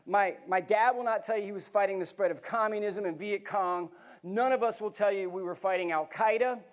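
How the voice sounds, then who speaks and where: A middle-aged man speaks from a conference stage in a fairly high voice. He tells stories in an earnest, folksy way and talks to the crowd like neighbors. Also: fairly quick. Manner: storytelling, earnest and folksy, addresses crowd as y'all. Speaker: keynote speaker. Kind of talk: motivational speech. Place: conference hall.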